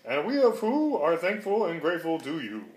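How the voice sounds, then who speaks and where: A man's voice: sing-song, moderate pace, a little mellow. A man doing a tiny piping mayor. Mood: grateful. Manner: high, piping and earnest. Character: tiny male mayor of a speck town, polite. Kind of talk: storybook read-aloud. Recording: roomy echo.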